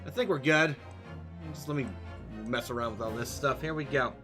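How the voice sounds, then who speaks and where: A man's voice: mid-range voice, moderate pace, music in the background. A young man streaming a video game, rambling and joking playfully as he plays. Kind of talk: casual let's-play commentary.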